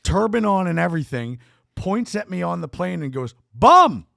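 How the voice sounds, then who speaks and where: A man telling stories on a podcast as a guest, swearing freely and jumping into loud impressions of the people in them. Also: high-pitched, animated, a little fast, gravelly, no echo, studio quality. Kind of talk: animated storytelling with acted-out quotes. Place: podcast studio.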